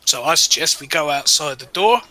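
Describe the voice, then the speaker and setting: A man playing a tabletop role-playing game, deliberately planning aloud with his group. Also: fairly high pitch, expressive, bright, forceful tone, rough recording. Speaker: player. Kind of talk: casual game chat.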